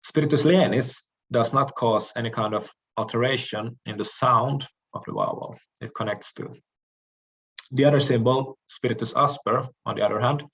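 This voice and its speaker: A man giving a recorded language lecture, explaining carefully with frequent pauses and restarts. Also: mid-range voice, a bit bright, highs cut off.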